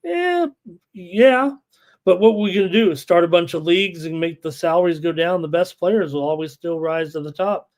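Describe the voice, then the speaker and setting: A man hosting a live sports betting show, excitable and full of "uh" fillers, reading viewer chat aloud. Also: fairly high pitch, a little fast, few pauses.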